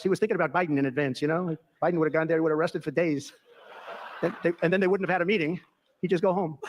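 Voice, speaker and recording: A man's voice: fairly high pitch, racing, vocal fry. A man giving a boastful, rambling anecdotal speech, repeating himself as he digresses. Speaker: speaker telling a story at an event.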